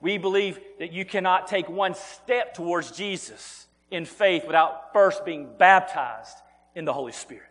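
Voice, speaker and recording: A pastor with a high, fairly bright voice preaches a sermon at an unhurried pace, earnestly repeating words to press his points and addressing listeners as folks. A long hall reverb surrounds his voice.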